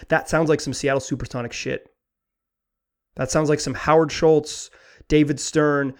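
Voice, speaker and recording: A man hosting a sports talk podcast, talking in an animated, rambling way with frequent restarts. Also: fairly high pitch. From Pacific Northwest. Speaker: podcast host.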